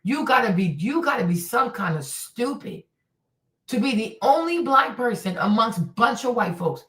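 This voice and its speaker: A woman with a bright, forceful voice pitched a little high rants bluntly and profanely. She tells her stories with animated swings. The sound is roomy and echoey, with her voice set back from the microphone. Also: normal speed, recorded from a distance. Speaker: streamer host. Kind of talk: casual ranting commentary. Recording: echoey room, voice a bit off-mic.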